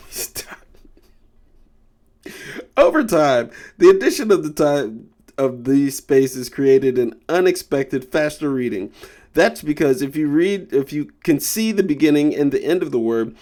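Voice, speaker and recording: A man's voice: fairly high pitch, expressive, normal speed, a little mellow. A man giving a casual tarot reading, joking around and stumbling as he reads passages aloud. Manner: rambling, joking, stumbles over read-aloud text. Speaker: tarot reader.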